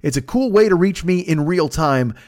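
A man's voice: fairly high pitch, expressive, normal speed, darkish tone, no echo, studio quality. A man in his forties hosting a podcast from a desk in his apartment, rambling through plugs and ad reads with lots of swearing and self-mocking asides. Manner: profane, rambling, self-mocking, restarts mid-sentence. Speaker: podcast host. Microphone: desk microphone.

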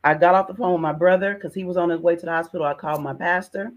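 A woman's voice: fairly low pitch, fairly even intonation, very fast. A middle-aged woman guest telling an emotional personal testimony in an earnest way, repeating words and often calling the listener "sis". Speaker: podcast guest.

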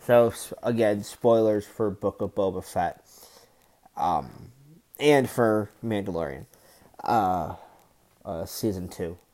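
A man hosting his own podcast in a solo rant, his voice sitting low and his words dragging out slowly. He sounds fed up, with heavy sighs, swearing and stop-start phrasing between sudden louder bursts. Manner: low, deliberately slow annoyed voice with sighs and profanity; halting restarts between outbursts. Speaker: podcast host.

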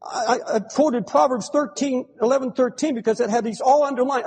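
A man preaching a fervent sermon, swinging between pleading cries and hushed, grave tones. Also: very high-pitched, fairly quick, hardly any pauses, husky. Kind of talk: impassioned sermon. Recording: long hall reverb.

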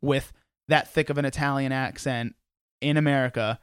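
A young man hosting a podcast, telling stories in a casual, animated way with lots of restarts and fillers. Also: mid-range voice, normal speed, smooth. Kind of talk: casual conversation.

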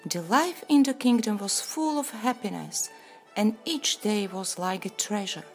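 A woman reading a fairy tale aloud in a slow, expressive storytelling manner. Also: medium pitch, faint music behind. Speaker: narrator.

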